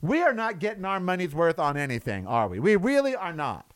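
A man's voice: high voice, sing-song, a little fast, no room sound. A man delivering a sarcastic, exasperated rant as a commentator, with mocking asides. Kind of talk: ranting monologue.

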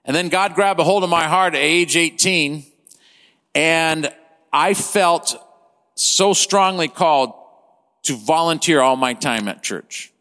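A man in his fifties preaching a sermon as pastor, impassioned, swinging between loud and hushed delivery. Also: on the high side, takes it slowly. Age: 50s. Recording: long hall reverb.

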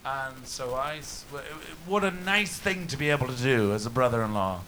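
A man from Canada telling crude comic stories in casual chat, loud and full of swearing and laughter. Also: mid-range voice, moderate pace, a little hiss or hum. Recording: live audience laughter behind. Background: audience laughing.

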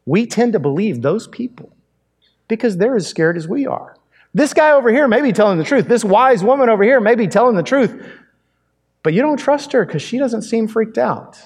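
A man preaching a sermon in a conversational, animated way, full of rhetorical questions. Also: high-pitched, breathy edge. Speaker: pastor. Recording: long hall reverb.

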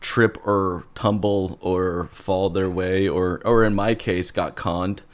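A man's voice: deep voice, fairly even intonation, takes it slowly. A man hosting a podcast, upbeat and joking, chatting casually with guests. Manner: upbeat, laughs often, joking. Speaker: podcast host.

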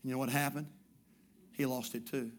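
A pastor preaching a sermon as a story, repeating his phrases and swinging from hushed lines to shouts. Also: mid-range voice, flat delivery, normal speed.

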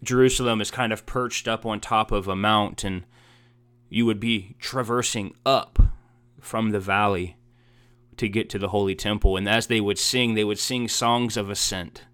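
Low, smooth-voiced earnest male preacher. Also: steady tone, moderate pace, a bit bright, no room sound. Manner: earnest, heartfelt preaching with rising emphatic repetitions. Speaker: pastor. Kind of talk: sermon.

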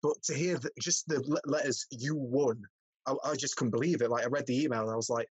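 Young southern English man, quick and slightly husky, stutters through his sentences in a dry room. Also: mid-range voice, dry recording, low-quality recording. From southern England. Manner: stammering, repeats words, fast-talking. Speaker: podcast host and filmmaker. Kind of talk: casual chat.

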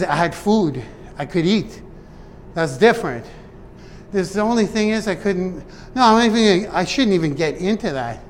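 A man giving an earnest, emotional motivational talk to his viewers, often speaking to himself as if to a friend. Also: a little high. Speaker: vlogger. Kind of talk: personal motivational talk to camera. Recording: long reverb and faint ambient noise.

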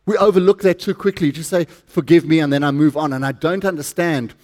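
A man's voice: a little high, fairly quick, darkish tone. A middle-aged man with a South African accent preaching a sermon, chatty and joking with the congregation. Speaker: pastor.

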